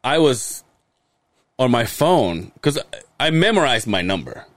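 A man's voice: mid-range voice, sing-song, a little slow, no room sound. A man co-hosting a podcast, telling a long rambling story in casual chat, swearing often and acting out what others said. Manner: rambling storyteller, swears a lot, acts out quotes. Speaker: podcast co-host.

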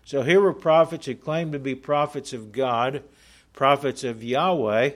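A man preaching a sermon, reading scripture aloud and explaining it in an earnest, emphatic way, slowing down to stress key points. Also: medium pitch.

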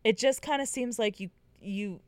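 A woman's voice: normal speed, no echo. A woman co-hosting a casual book podcast, retelling scenes and lifting her voice for the quoted characters. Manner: animated, acts out quoted characters with lifted pitch. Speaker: podcast co-host. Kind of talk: casual book-club chat.

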